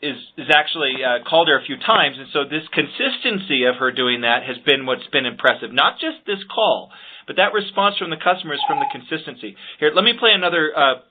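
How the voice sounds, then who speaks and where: Earnest guy coaching phone greetings, kinda high voice, sounds like a phone line. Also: animated, a little fast. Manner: earnest, emphatic, repeats words when starting a point. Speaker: sales trainer. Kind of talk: podcast instruction on phone skills. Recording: phone-like lo-fi audio.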